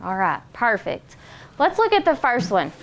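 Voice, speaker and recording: A young woman teaching a phonics lesson in a classroom, patient and encouraging, sounding out words slowly. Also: a little high, wildly swooping pitch.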